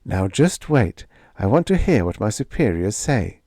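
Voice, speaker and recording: A man reading the lines of a tense young woman captain in a science fiction story, sounding urgent and then falsely calm. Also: on the low side, a little slow, dry recording, clean studio sound, exaggerated voice.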